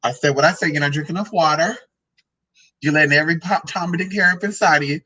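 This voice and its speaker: In this casual product-review vlog, a sassy, foul-mouthed transgender woman rambles about drinks and food, hopping between tangents. She talks quickly in a low, pushed, bright voice, and the recording quality is poor.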